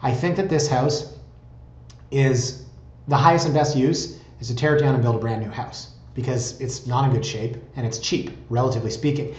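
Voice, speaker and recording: A man's voice: medium pitch, fairly even intonation, normal speed. A man, a real estate blogger, talks casually through home listings with sarcastic asides and frequent tangents. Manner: chatty, sarcastic, prone to tangents. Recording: roomy, slightly dull recording.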